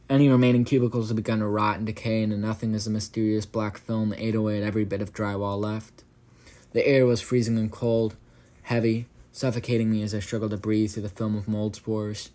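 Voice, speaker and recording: With a darkish, lowish voice, a man reads a first-person horror tale out loud, tripping over words and fixing them. Now and then he stops to toss the listener a casual, profane aside.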